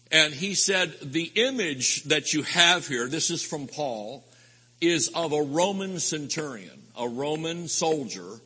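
A man preaching a rambling, folksy sermon with sudden loud outbursts at a live convention. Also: medium pitch, husky. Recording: live hall recording with long reverb.

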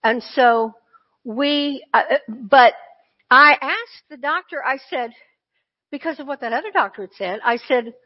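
A woman's voice: sits high, unhurried. Woman telling a testimony, muffled audio. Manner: earnest, conversational, with frequent asides. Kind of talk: personal testimony storytelling. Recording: dull lo-fi recording.

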